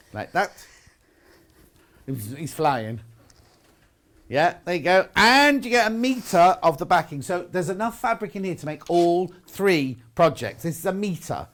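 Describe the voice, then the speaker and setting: A man's voice: high-pitched, a bit bright. Chatty man selling on air. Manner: chatty, upbeat, jokey. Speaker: shopping channel presenter. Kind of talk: live sales presentation.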